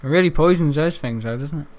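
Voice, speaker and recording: A man casually commenting on his gameplay, going from muttered asides to sudden excited shouts and laughs. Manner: excitable, bursts into high shouts and laughs at the game.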